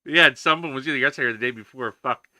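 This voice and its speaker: A man's voice: medium pitch, fast, sharp tone, dry recording, clean studio sound. A man streaming himself coding, ranting in casual chatter with constant swearing. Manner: profane, ranting, heavy swearing.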